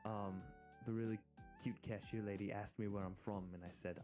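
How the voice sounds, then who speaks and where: Chatty American man with a mellow voice. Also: fairly low pitch, moderate pace, soft background music. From United States. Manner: chatty and excitable, rambling asides with giggles. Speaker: VTuber streamer. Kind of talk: casual live-stream chat.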